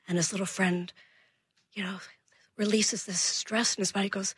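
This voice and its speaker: A woman, a child behavior expert, telling a radio host an animated story about her son and acting out both their lines. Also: on the low side, measured pace, husky, no echo. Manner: animated, acts out her own and her son's lines.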